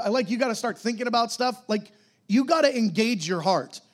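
A middle-aged man preaching a sermon in a casual, conversational way, sometimes dropping to soft whispered prayers. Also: very high voice, lively intonation, brisk.

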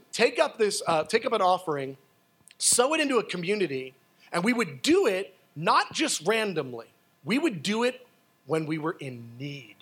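A man preaching a sermon and telling personal stories in a casual, animated way. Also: high voice. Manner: animated, excitable storytelling; casual, conversational with fillers.

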